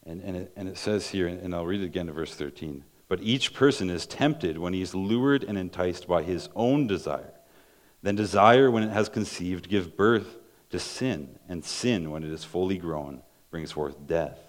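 Give me a low-voiced man preaching a sermon. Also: moderate pace. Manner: earnest, restarts words, reads scripture aloud.

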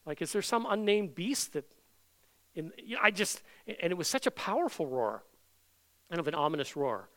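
A middle-aged man preaching a sermon from Canada, earnest, swinging between loud proclaiming and soft, intimate tones. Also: sits high, big pitch swings, moderate pace. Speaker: pastor.

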